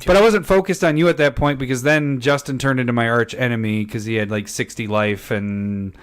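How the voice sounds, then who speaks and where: A man's voice: medium pitch, fairly even intonation, fairly quick, clean tone. Teasing man on a card game podcast. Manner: joking and teasing, reads card text aloud. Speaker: podcast co-host. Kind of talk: casual chat about a card game.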